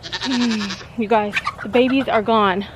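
A woman's voice: mid-range voice, fairly even intonation, slow pace. A woman vlogger chatting casually and animatedly straight to her viewers on a small farm. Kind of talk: casual vlog chat to camera. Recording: noisy outdoor camera audio.

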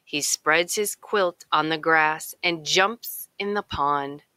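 A woman reading a children's picture book aloud in a slow, expressive storytelling way. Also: low-pitched, clear, resonant tone, dry recording. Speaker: narrator.

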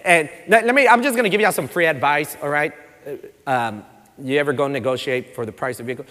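A man preaching a sermon as pastor, animated and conversational, slipping Spanish words into his talk. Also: on the high side, fast talker. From Texas. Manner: animated, conversational preaching with frequent fillers and acted quotes; mixes in Spanish words and phrases. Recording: long reverb of a church hall.

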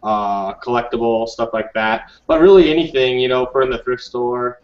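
A man answers interview questions as a guest on a live stream, pausing often with ums and uhs. His voice comes over an online call from some distance off the mic, with a roomy echo and dull, muffled sound. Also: medium pitch. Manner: hesitant, many ums and uhs.

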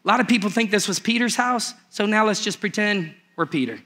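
Male pastor, high voice, animated comic storytelling in a church sermon. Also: brisk. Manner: animated storytelling, acts out the characters with humor.

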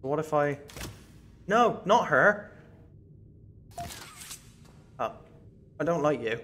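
A man streaming a horror game, excitable and panicky, yelping and laughing at what happens on screen. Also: fairly high pitch, slow, a little hiss or hum. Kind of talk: live gameplay commentary. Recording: game music loud behind voice.

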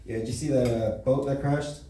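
A man's voice: mid-range voice, steady tone, normal speed, dark tone, far from the mic, slight background noise. A man from the Los Angeles area doing a stand-up comedy set, telling profane stories casually with lots of "right?" tags. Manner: casual, profane storytelling with many tag questions. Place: comedy club stage. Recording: echoey room, mic from afar.

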